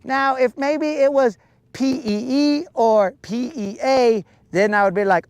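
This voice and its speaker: A man talks on a live fishing stream in an unhurried, drawn-out way, hamming up a mock-serious rant. His voice sits at an ordinary middle pitch. The sound is close and dry. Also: clear, resonant tone, no room sound. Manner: playful mock-serious ranting, drawn-out words. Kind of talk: casual live-stream chat. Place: outdoors on a lake while fishing.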